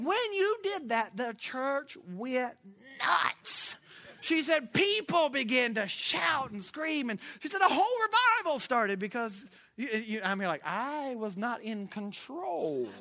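A man preaching a sermon, telling a lively story with big swings between loud and hushed delivery. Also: very high-pitched, slow, no room sound.

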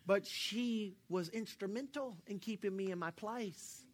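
A man pastor preaching a sermon, telling a personal story with jokes and swinging between hushed and loud delivery. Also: high voice, unhurried. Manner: animated, joking storyteller, swings from quiet to loud.

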